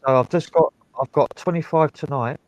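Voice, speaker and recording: A man's voice: on the high side, normal speed, no room sound, muffled recording. A British man chatting as a guest on a live stream over a video call, pressing with repeated questions. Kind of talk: casual live stream chat.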